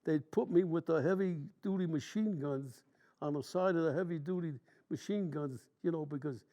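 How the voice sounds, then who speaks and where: A man's voice: fairly high pitch, moderate pace, dark tone, lo-fi sound. A man in his nineties, a war veteran, telling long stories from memory in plain, rambling, colloquial speech during an interview. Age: 90s.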